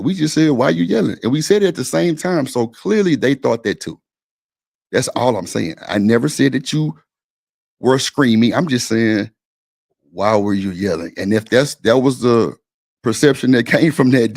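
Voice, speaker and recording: Guy with a gravelly voice going off on a stream, blunt and repetitive, cussing a lot. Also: medium pitch, a little mellow. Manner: blunt, insistent, repeats himself, swears freely. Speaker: stream panel host. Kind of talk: heated argument on a live stream.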